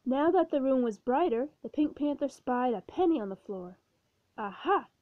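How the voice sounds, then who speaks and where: High-voiced woman reading a kids storybook, dry dull recording, no reverb. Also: lively intonation. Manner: slow, clear storytelling. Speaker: storybook narrator. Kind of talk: children's story read-aloud.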